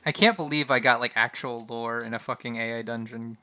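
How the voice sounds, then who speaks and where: A man streaming a text adventure game, reading its lines aloud and reacting in an animated, swearing way. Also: medium pitch, a little fast.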